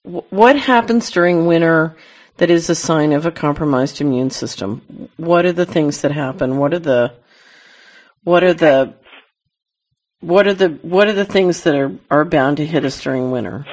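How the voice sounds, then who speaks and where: A man hosting a casual talk, relaxed and conversational. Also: fairly high pitch, moderate pace. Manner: relaxed, conversational, uses fillers. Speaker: host. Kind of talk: casual interview chat.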